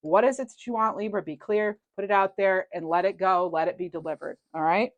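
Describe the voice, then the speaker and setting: Lowish chatty woman reading tarot cards, dry close sound, lots of um and you know. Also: fairly quick, few pauses, no room sound. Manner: chatty, reassuring, rambling with fillers. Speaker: tarot reader. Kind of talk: casual tarot reading to camera.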